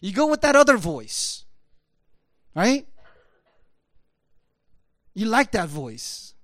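A pastor giving a conversational sermon in an animated, rhetorical way, often tossing in quick asides to the listeners. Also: male voice, sits high, dry recording, studio quality.

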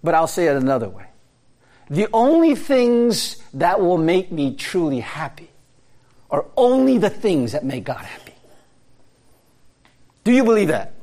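A man delivers a sermon in a high, lively voice that swings widely up and down. He talks to his listeners directly, asks them question after question and laughs often as he preaches. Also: measured pace, long pauses. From America. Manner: conversational preaching, rhetorical questions, frequent laughs. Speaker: pastor.

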